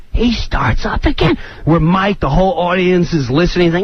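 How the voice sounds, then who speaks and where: A man's voice: fairly high pitch, moderate pace, slightly rough, lo-fi sound. A man, a comedian guest on a radio show, telling an anecdote and acting out other people's voices with lots of energy. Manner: acts out other voices, excitable. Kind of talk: animated anecdote on talk radio.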